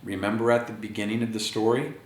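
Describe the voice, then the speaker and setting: A man reading a picture book aloud to children, speaking to them directly in an animated way. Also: on the low side, fast talker. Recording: echoey room.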